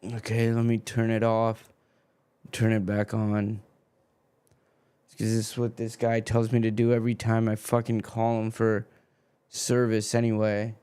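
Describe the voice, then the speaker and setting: Brief: man, livestream football host, slow and drawn-out, smooth clear voice, profane griping between play calls. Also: on the low side, monotone, warm tone. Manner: swearing, grumbling over a freezing stream. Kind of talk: live-stream commentary.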